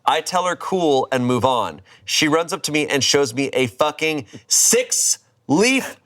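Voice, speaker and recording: A man with a slightly high, fairly bright voice reads a story aloud at a moderate pace, with a little hiss or hum in the background. He reads dramatically and casually, swearing freely, laughing, and voicing mock outrage.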